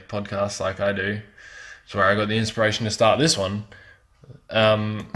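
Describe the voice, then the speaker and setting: A man's voice: fairly low pitch, a bit bright. Crude rambling man in his twenties. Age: 20s. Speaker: podcast host. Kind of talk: casual solo podcast chat.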